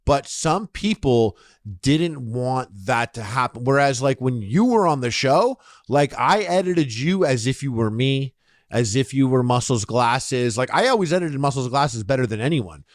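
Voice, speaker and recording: A man's voice: medium pitch, expressive, normal speed, no echo, studio quality. A man hosting a podcast, telling rambling anecdotes full of fillers in casual chat. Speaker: podcast host.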